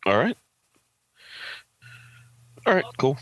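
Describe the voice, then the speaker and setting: A man's voice: medium pitch, big pitch swings, slow, a bit bright, slight background noise. A man acting as dungeon master, casual and laughing, swearing freely on an online call. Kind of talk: running a tabletop game, casual chat.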